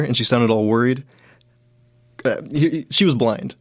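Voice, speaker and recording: Young male comic host, mid pitch, dry close sound, rambling anecdotes with many fillers. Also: moderate pace, pauses often, dry recording. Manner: rambling, filler-heavy, quoting others in raised voices. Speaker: comedian host. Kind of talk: casual storytelling monologue.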